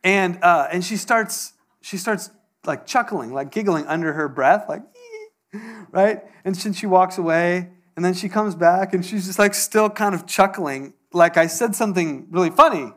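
High-voiced man preaching a casual sermon. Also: normal speed. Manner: conversational storytelling, animated quoted voices. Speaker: pastor.

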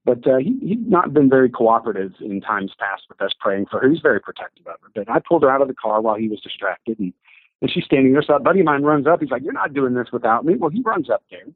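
A man telling an animated story of faith as an interview guest, acting out the voices of the people he quotes. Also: mid-range voice, fast, breathy edge, dry recording. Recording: dry, tinny phone-like audio.

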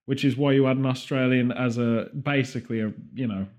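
A man co-hosting a podcast, rambling through absurd comic theories in a deadpan way. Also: medium pitch. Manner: rambling deadpan absurd riffs, quick bursts of put-on voices. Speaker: podcast co-host. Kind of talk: comedic podcast banter.

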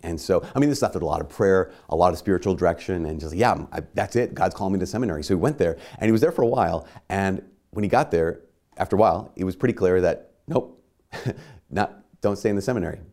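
A man with a low, darkish voice talks quickly while preaching a sermon. His manner is conversational and self-mocking, and he acts out little dialogues in quoted voices.

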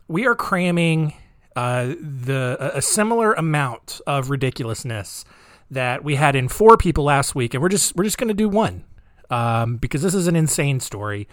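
A man hosting a podcast, telling a dark story in a casual, rambling, joking way with many fillers. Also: medium pitch, no echo, studio quality. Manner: rambling, jokey, lots of fillers. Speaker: podcast host.

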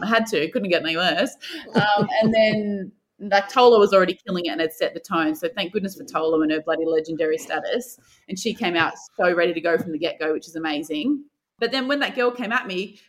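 This is a young woman, a guest basketball player recounting games in an easy, conversational interview. She talks animatedly, playing out her own inner voice in bursts. Her voice sits at an ordinary middle pitch for a woman. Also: pushed and bright. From Australia. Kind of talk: casual interview storytelling.

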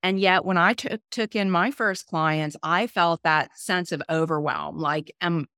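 A woman's voice: on the low side, measured pace, fairly bright tone, clear, resonant tone, no room sound, studio quality. A middle-aged woman hosting a podcast as a business coach, talking in an emphatic, persistent way that repeats phrases for effect. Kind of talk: casual podcast chat.

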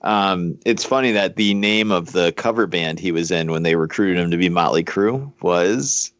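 Very deep-voiced man, dull dry sound. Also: normal speed, fairly bright tone, no echo. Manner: laid-back, rambling, hesitant with many fillers. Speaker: podcast co-host. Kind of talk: casual chat.

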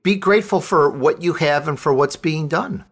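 A man's voice: on the high side, moderate pace. Enthusiastic male talk show host. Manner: enthusiastic, effusive. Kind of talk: interview conversation.

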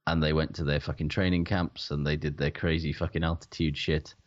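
A man's voice: very deep voice, flat delivery, fairly quick, lo-fi sound. A man giving blunt, emphatic rugby analysis in casual, sweary podcast chat. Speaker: rugby pundit.

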